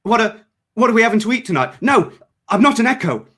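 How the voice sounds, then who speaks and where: A man's voice: mid-range voice, moderate pace, a bit bright, pitched above the performer's own voice, close to an everyday voice. A man reading fiction aloud and voicing a male patrol soldier, sneering and threatening at first, then stammering and frantic. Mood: panicked. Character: arrogant male patrol soldier turned panicked.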